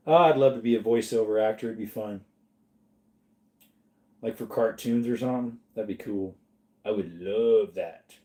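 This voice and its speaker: With a mellow, lowish voice, a measured pace, and long pauses, a middle-aged man from Arizona reads chat on a casual livestream. He comes across as tired and easygoing, drawling and sometimes putting on joke voices.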